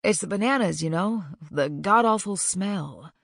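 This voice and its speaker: A woman's voice: medium pitch, animated, a little slow, vocal fry, a bit bright, dry recording, clean studio sound, pitched above the performer's own voice, exaggerated voice. A woman voicing a wary young cowboy from Kentucky who speaks tersely and folksily, in an audiobook. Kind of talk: audiobook character voice.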